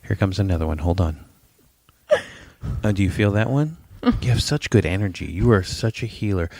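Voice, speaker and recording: A man mimicking a female acupuncturist who rambles deadpan about grim family troubles. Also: low-pitched, normal speed, no room sound. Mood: deadpan oversharing. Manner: deadpan mock-sympathetic rambling. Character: oversharing female acupuncturist dumping grim news.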